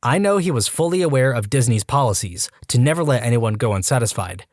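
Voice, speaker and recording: A man narrating reader-submitted stories as a podcast host, with animated storytelling and quick asides. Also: medium pitch, no room sound, clean studio sound.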